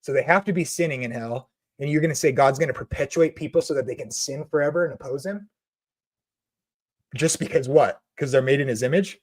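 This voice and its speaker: Hombre apasionado y sarcástico. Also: male voice, medium pitch, quick pace. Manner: passionate, sarcastic, indignant. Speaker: Christian video host. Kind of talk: ranting monologue and comment reading.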